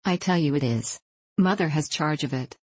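A superstitious young ballet girl whispers a frightening secret in an anxious, hushed way, as a woman reads her lines aloud. The voice sits low, and the recording is close and dry with no room around it. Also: moderate pace, slightly rough, no echo. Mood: hushed, fearful.

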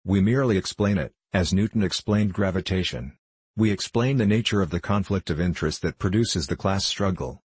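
A man's voice: sits low, brisk, a little mellow, husky, no room sound. A man reading the part of a confident male socialist, explaining his case patiently.

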